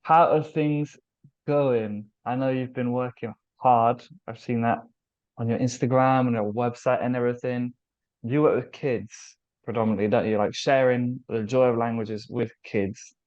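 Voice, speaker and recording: A man's voice: medium pitch, steady tone, normal speed. Chatty British man on a dull call line. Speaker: host, language teacher. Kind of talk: casual video interview.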